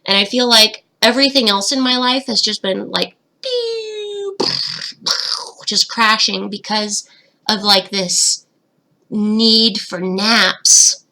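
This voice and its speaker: Young woman chatting on a webcam livestream, giggly, voice kinda cracky and fry-ish, bright tone. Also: mid-range voice, steady tone, slow. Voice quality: voice slightly cracking. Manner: chatty and giggly, reads comments aloud. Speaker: fish-keeping channel host, betta breeder. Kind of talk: casual livestream Q&A, reading chat.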